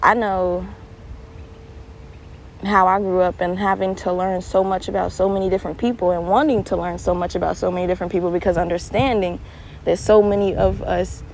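Animated young woman podcaster. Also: lowish voice, fairly quick, gravelly, slight background noise, low-quality recording. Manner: animated storyteller, laughs often, swings to earnest advice. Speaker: podcast host. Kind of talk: casual solo monologue.

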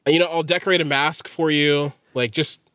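A man's voice: fairly high pitch, steady tone, moderate pace, fairly bright tone, clean tone, no room sound, clean studio sound. A man co-hosting a podcast, rambling and joking in casual chat, laughing often. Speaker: podcast co-host.

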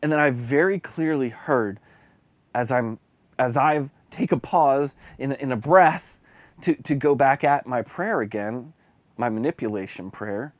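A man's voice: mid-range voice, unhurried, no room sound. A man preaching an earnest, confessional devotional sermon that builds to fervent emphasis.

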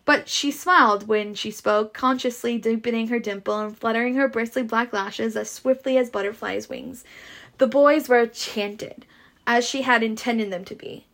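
A woman reading a novel aloud in a steady voice with small stumbles. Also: on the high side. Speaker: reader.

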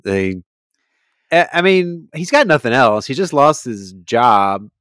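A man's voice: mid-range voice, sing-song, slow, a bit bright, smooth, no room sound. A man co-hosting a podcast, chatting casually about a movie with dry, wry remarks. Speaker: podcast co-host.

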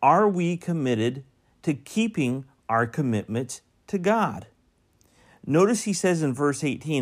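A man delivering a sermon. He reads the scripture in a measured way, then preaches with rising emphasis. He puts pointed questions straight to the congregation. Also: fairly high pitch, very animated.

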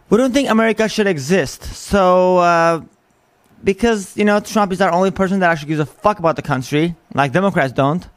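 A man's voice: on the high side, no echo. A man hosting a podcast, delivering an angry, profane political rant with heavy emphasis. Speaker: podcast host.

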